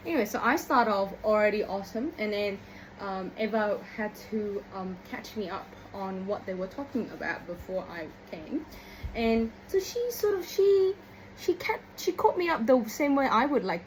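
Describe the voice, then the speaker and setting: A young woman talking straight to her camera at home, excitable and rambling, her sentences full of fillers and restarts. Her voice sits at an ordinary pitch for a woman. A faint hiss of background noise runs under the recording. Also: poor audio. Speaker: vlogger. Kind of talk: casual vlog storytelling. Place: indoors at home while cleaning shoes.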